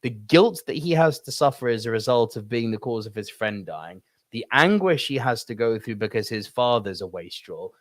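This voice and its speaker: A man in his thirties co-hosting a casual film podcast, pressing his points hard and swearing freely. His voice sits at an ordinary middle pitch. The sound is close and dry, with no room around it. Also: expressive, moderate pace, few pauses, dry recording. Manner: emphatic, swearing, ranting. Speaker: podcast co-host.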